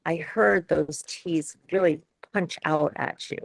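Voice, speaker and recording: A woman's voice: low-pitched, takes it slowly, gravelly. A woman from New York, a speech coach, leading a chatty webinar Q and A with many restarts and laughs.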